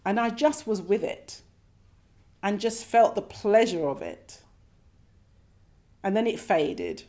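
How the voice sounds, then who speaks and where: A woman telling a personal story at a meditation class, reflective and gently animated, sometimes acting out her own thoughts. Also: medium pitch, takes it slowly. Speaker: speaker sharing her meditation experience. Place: meditation centre shrine room with a class.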